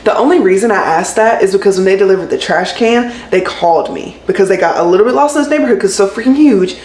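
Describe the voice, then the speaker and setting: A young woman, a nurse, telling a story in an animated, exasperated and sarcastic way. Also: medium pitch, fast talker. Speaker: labor and delivery nurse. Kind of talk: casual storytime rant to camera. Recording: roomy room echo with faint ambient noise.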